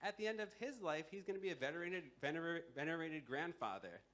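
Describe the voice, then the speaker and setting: Brief: man doing a weary, fed-up ox in a folktale, bitter and sarcastic, pitched well above his own voice. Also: expressive, quick pace, fairly bright tone. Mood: indignant. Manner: sarcastic, indignant complaining. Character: weary, grumbling old male ox judge.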